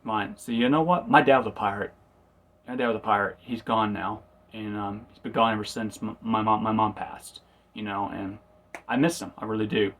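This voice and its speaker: A man's voice: on the low side, fairly even intonation, moderate pace, fairly bright tone. A man casually recapping and reviewing a TV episode, rambling and correcting himself as he goes. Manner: rambling, self-correcting, acts out quotes.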